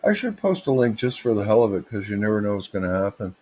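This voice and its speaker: A man's voice: fairly low pitch, big pitch swings, fast talker, darkish tone, a little hiss or hum. Rambling man livestreaming. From Canada. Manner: rambling, digressive, joking. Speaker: livestream host.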